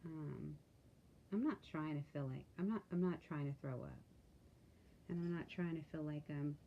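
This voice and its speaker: A tired woman talking candidly in a casual video diary, with halting speech and many pauses and fillers. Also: deep voice, highs cut off, a little hiss or hum. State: tired, yawning. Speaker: vlogger.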